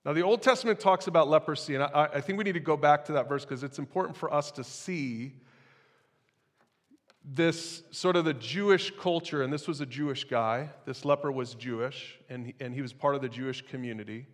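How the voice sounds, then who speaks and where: A man's voice: a little high, brisk, long reverb tail. A man preaching a sermon as pastor, in a conversational style with casual asides to the congregation.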